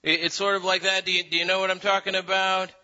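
A man voicing a patient male teacher who explains something a second time, in a halting way that repeats words, on a dull lo-fi recording. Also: sits high, flat delivery, pushed and bright, pitched above the performer's own voice. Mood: explaining.

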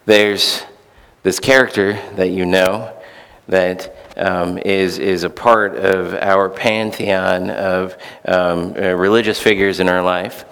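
A man's voice: low voice, fairly even intonation, takes it slowly, gravelly, fairly bright tone, clean tone, big-room sound. A male pastor preaching a sermon in a conversational, storytelling way, with fillers.

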